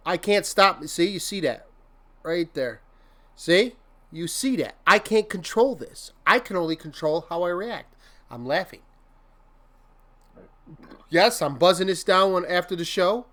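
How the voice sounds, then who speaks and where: A man with a high, fairly bright voice hosts a casual motivational livestream, rambling and laughing often. Now and then he breaks into silly mock-venting full of made-up curses.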